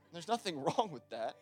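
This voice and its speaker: A man with a high voice preaches a sermon, keeping it loose and conversational, then pushing into loud, emphatic stretches. Soft music plays quietly behind him.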